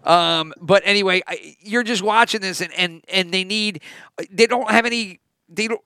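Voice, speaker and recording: A man co-hosting a podcast, chatting casually in halting, rambling sentences, swearing and laughing often. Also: high-pitched, bright, forceful tone, clean tone, no room sound. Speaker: podcast co-host. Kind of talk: casual chat.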